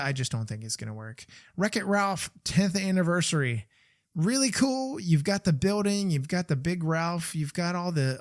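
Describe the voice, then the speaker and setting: A man hosting a podcast in a casual, chatty way. He gives frank opinions and often restarts his sentences or stops on fillers. His voice sits a little high, and the sound is dry and close, with no room echo. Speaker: podcast host.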